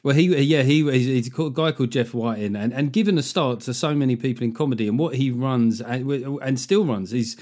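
A man's voice: mid-range voice, brisk, few pauses, a little mellow. A man hosting a casual podcast interview, asking long, rambling questions with a joking tone. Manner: chatty, jokey, rambling questions. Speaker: podcast host.

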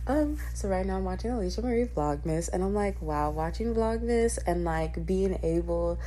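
Young woman vlogger, lively swinging pitch, casual profane chat. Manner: animated, profane, quick to laugh. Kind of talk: casual podcast-style vlog chat.

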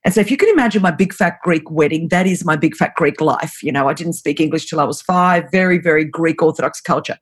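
An Australian woman in her forties recounts a story as an interview guest. Her voice is slightly husky, and she laughs often and slips into little acted-out voices. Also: low-pitched, fast, few pauses. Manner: lively, laughing, acts out voices in her anecdotes.

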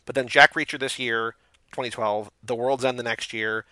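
A man co-hosting a casual movie review chat, rambling with lots of "like" and quick asides. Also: mid-range voice, fairly even intonation, bright, forceful tone, no room sound. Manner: fast, rambling, heavy use of "like". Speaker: podcast co-host.

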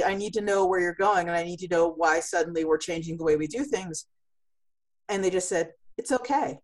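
A woman who runs a comics publishing company, answering in an interview with vivid analogies and frequent restarts. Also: mid-range voice.

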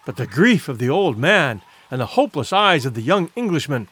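A man narrates a classic adventure tale in a fairly high voice. His pitch moves a lot, rising and falling with the drama. The reading is expressive and theatrical, in a scripted storybook manner. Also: brisk, slightly rough, no room sound. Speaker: audiobook narrator.

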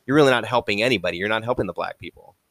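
Low, bright-toned male host. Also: no room sound. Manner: halting, lots of restarts and agreeing "right". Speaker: podcast host. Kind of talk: casual chat.

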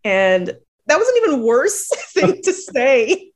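A woman's voice: sits high, big pitch swings, takes it slowly. A woman from New Jersey, a poet being interviewed, who chats casually, laughs often and acts out the people she quotes.

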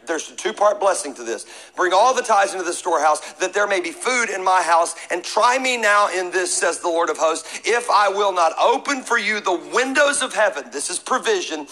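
Man, middle-aged pastor, sermon, high voice, bright tone, joking call-and-response. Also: low-quality recording. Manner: preaching with humor and call-and-response.

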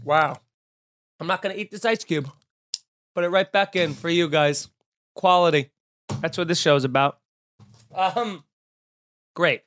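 A man, a stand-up comedian hosting a podcast, telling a story in a casual, animated and self-mocking way, with lots of swearing. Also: a little high, unhurried, pauses often, no echo.

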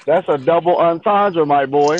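A man's voice: on the high side, normal speed, lo-fi sound, a crowd in the background. A man in casual chat, laid-back and teasing. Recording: noisy line.

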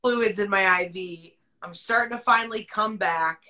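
Bright, candid woman who laughs often. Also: mid-range voice, normal speed, poor audio. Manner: acts out quoted people in her story. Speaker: podcast host. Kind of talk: casual storytelling from a livestream.

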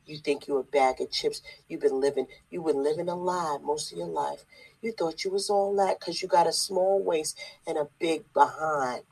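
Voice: mid-range voice, moderate pace, creaky, a little mellow, breathy edge, rough recording. An online preacher giving a blunt, scolding sermon to the camera, hammering points home with repetition and rhetorical questions. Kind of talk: preaching video.

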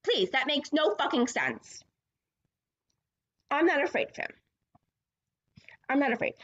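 A woman's voice: sits high, highs cut off. A woman hosting a sports podcast, ranting in a combative, profane and sarcastic way. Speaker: podcast host.

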